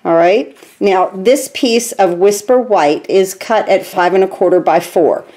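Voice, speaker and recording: A woman in her fifties talks through a card-making tutorial in her home craft room. She is chatty and eager and drops plenty of ums as she goes. Her voice sits at an ordinary pitch for a woman. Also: unhurried, mellow. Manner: chatty and enthusiastic, with frequent ums. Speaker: stamping demonstrator.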